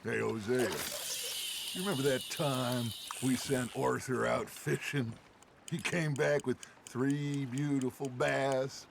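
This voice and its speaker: An actor playing a middle-aged, charismatic gang leader who talks in an expansive, theatrical way in a game. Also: male voice, medium pitch, fairly even intonation, takes it slowly, vocal fry. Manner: expansive, theatrical, fond storytelling. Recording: game audio with loud background noise.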